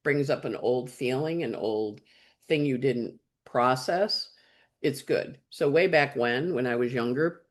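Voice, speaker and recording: A woman astrologer, a guest on the show, telling a story in loose conversation. She talks bluntly, swears without hesitation and acts out the lines of everyone she quotes. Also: extremely low pitch. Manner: lively, blunt and chatty, acting out quoted dialogue and swearing freely.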